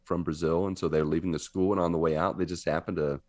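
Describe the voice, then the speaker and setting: A man co-hosting a podcast in casual chat, an animated storyteller who laughs often and slips into silly voices. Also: low voice, quick pace, no echo, studio quality. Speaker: podcast co-host.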